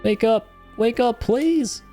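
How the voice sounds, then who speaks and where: A man's voice: extremely high pitch, slow, warm tone, faint music behind, pitched above the performer's own voice. A man voicing a desperate young male hero from a video game, speaking in an urgent, raised, pleading way.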